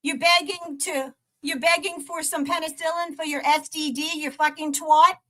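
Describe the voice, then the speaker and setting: A high-pitched woman talks at a normal speed with fairly even intonation and a fairly bright tone. She's a livestream host cursing and mocking a troll in a rant, with laughter between the jabs.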